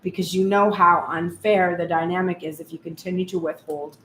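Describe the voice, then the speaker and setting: A woman's voice: fairly low pitch, level tone, normal speed, a bit bright. Tarot-reading woman in a roomy space. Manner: heated, speaks in first person as the partner. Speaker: tarot reader. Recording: roomy echo, faint background hum.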